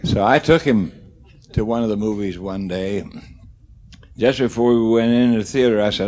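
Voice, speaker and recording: A male comedian telling stand-up stories in a halting, stammering way. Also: fairly low pitch, a little mellow. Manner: halting, stammering delivery with restarts. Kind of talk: stand-up storytelling.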